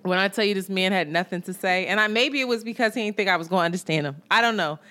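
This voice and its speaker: A woman podcast co-host telling a dating story in casual chat, animated, laughing often and swearing casually. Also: mid-range voice, quick pace. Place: Brooklyn, New York.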